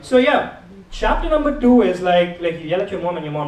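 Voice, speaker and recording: A man's voice: sits high, sing-song, fairly quick, a little mellow, roomy sound, recorded from a distance, low-quality recording. A young man from India with an Indian accent doing rambling, chatty stand-up comedy in a club. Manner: chatty, rambling, filler-heavy delivery.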